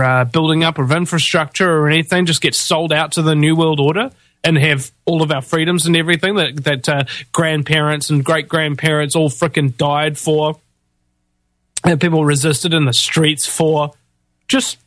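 A man's voice: on the high side, fairly even intonation, normal speed, a bit bright, dry recording. A man hosting a talk show, ranting in heated, indignant commentary full of rhetorical questions and fillers. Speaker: host of a political talk show.

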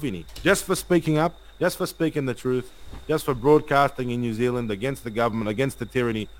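A man's voice: medium pitch, poor audio. A man hosting a live stream, reading viewer comments and listing points with many fillers. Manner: rapid, repetitive listing, hesitant fillers. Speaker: livestream host.

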